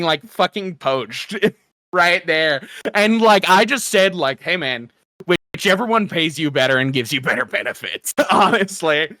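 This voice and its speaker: A man on a podcast telling a rambling story, laughing along the way. His voice is bright and forward, a little high for a man, recorded close and dry. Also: no echo. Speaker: podcast co-host. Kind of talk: casual chat.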